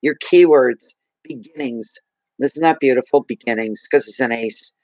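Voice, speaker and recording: A man giving a live tarot card reading, gushing and emotional, slow and soothing. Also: mid-range voice, a little mellow, dry recording, highs cut off.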